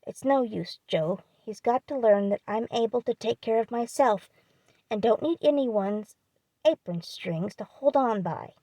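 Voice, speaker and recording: A woman's voice: a little high, expressive, a little slow, warm tone, no room sound. A woman doing a sulky, indignant young man. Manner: indignant, defiant. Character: young man, proud, sulky, hot-tempered.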